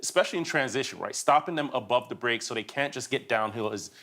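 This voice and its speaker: Rapid-fire male basketball analyst. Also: medium pitch, expressive, fairly bright tone. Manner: fast, teasing, says "right?" often. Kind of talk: halftime analysis. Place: TV studio.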